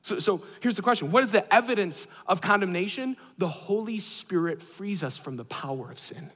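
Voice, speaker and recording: A man in his thirties preaching a sermon, an animated and self-deprecating storyteller. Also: high voice, normal speed, long reverb tail. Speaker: pastor.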